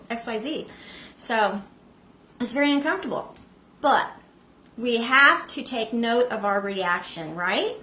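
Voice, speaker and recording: A woman's voice: fairly high pitch, bright, forceful tone, a little hiss or hum. A woman hosting a live stream, chatting casually to viewers and greeting them by name. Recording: echoey room.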